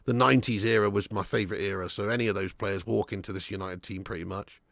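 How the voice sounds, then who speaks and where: A man hosts a live football watch-along for his viewers, yelling at the referee and then sinking into low muttering. His voice is bright and edgy, with a gravelly rasp. The sound is dry and close. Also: fairly even intonation, fast, dry recording. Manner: swears and chats with live viewers. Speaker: fan channel host.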